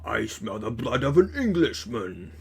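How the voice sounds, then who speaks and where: A man's voice: big pitch swings, unhurried, vocal fry, fairly bright tone, slightly rough, exaggerated voice. A man voicing a huge, greedy giant in a storybook read-aloud, bellowing his lines. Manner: booming, bellowing.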